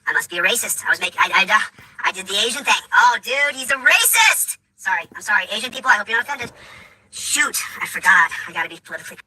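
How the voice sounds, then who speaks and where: Fast-talking man ranting. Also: high-pitched, pushed and bright, husky, rough recording. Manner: fast, repetitive, emphatic ranting. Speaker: video commentator. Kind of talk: ranting commentary.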